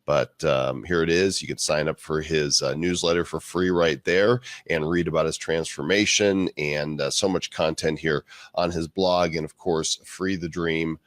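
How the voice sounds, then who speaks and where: Low-voiced male live show host. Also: fairly even intonation, moderate pace, dry recording, studio quality.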